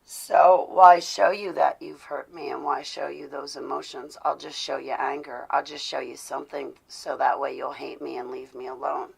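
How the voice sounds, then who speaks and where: A woman's voice: rumbling low, steady tone, moderate pace, creaky, hardly any pauses, slightly rough, poor audio. A woman talking to her live-stream viewers, confessional and intense, growing indignant as she talks. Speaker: vlogger speaking to live viewers. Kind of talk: casual live-stream talk.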